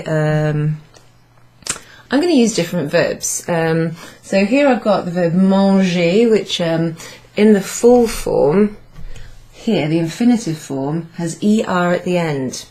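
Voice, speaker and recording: A woman leads a French grammar class, her voice sitting a little low. She talks slowly and patiently, repeating herself and sounding out each French phrase with care. She speaks indoors to a live class. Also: darkish tone. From Wales. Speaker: French teacher. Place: pub function room, indoors.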